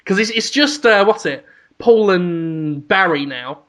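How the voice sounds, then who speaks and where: A man's voice: high-pitched, animated, measured pace, fairly bright tone. A man co-hosting a casual comedic podcast, swearing freely and spinning absurd jokes over a remote mic. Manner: profane, joking, spins absurd scenarios. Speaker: podcast co-host.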